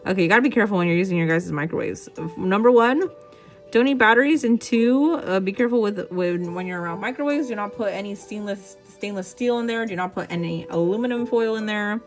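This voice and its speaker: A woman hosting a relaxed art livestream, reading viewers' messages aloud and answering them with frequent giggles. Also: mid-range voice, quick pace, faint music behind. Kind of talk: casual chat with viewers.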